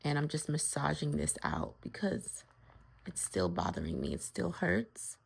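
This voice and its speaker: Breathless, gravelly woman vlogging. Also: low voice, wildly swooping pitch. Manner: weary, halting and breathless, often near a whisper. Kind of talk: casual video diary.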